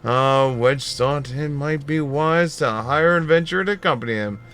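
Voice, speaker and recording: A man voicing a friendly, talkative engineer who explains plans in an easygoing, deliberate way. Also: on the high side, fairly bright tone, clear, resonant tone, lightly acted. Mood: chatty.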